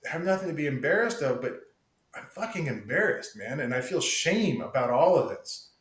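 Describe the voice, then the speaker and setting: A man's voice: on the high side, very animated, normal speed, a bit bright, roomy sound, rough recording. A man talking candidly as a podcast guest, emphatic and profane, calling the host "dude" often. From United States. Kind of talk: casual candid conversation.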